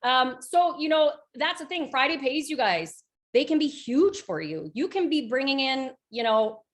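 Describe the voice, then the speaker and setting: A woman in her thirties, a direct sales team leader, giving a chatty motivational talk on a group call, full of fillers and lively storytelling. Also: high-pitched, moderate pace.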